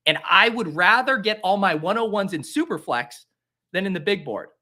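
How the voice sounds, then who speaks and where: A young man talks casually on his own show, his voice bright and pushed forward with a slightly higher pitch than most men. He swings into theatrical, exasperated self-mockery, playing up his own despair for laughs. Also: lively intonation, moderate pace. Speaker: fantasy football host. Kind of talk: casual solo commentary while drafting.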